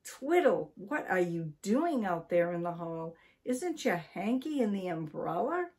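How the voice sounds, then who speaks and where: A bossy, impatient old wife, as a woman reads her aloud, scolding as she talks. Her voice is slow and set a bit higher than the reader's own. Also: expressive, a little mellow. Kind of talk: storybook reading.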